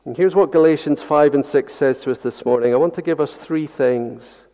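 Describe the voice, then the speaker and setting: In a church with long hall reverb and a dull recorded sound, a pastor gives a Sunday sermon. His fairly high voice has a dark tone and moves at a normal speed. He preaches earnestly, repeating key phrases and posing rhetorical questions to the congregation.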